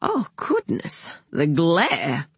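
A woman's voice: sits low, wildly swooping pitch, drawn-out words, breathy edge, no echo, exaggerated voice. A narrator voicing a nervous, fussy woman who smiles frantically and gives firm little orders. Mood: fluttery. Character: anxious, fussy mother of a young woman.

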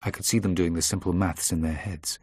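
Male audiobook narrator, low and measured, dead dry booth sound. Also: fairly even intonation, a little mellow, breathy edge, no room sound. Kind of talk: first-person audiobook narration.

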